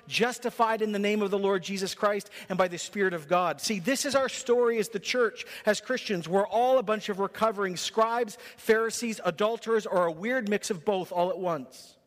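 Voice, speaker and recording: A pastor delivers his sermon in short, rhythmic, emphatic bursts. His voice sits high for a man. The sound carries the long reverb of a big church hall. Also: fairly bright tone. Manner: emphatic, punchy preaching in short rhythmic phrases. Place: church sanctuary.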